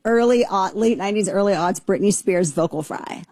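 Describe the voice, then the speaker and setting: A woman's voice: mid-range voice, moderate pace, darkish tone, dry recording. A woman hosting a talk show, riffing in a brash, sarcastic monologue. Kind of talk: opinionated talk radio monologue.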